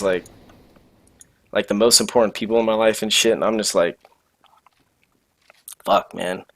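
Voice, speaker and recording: A young man telling a story casually, animated and full of slang and swearing. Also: on the low side, dry recording.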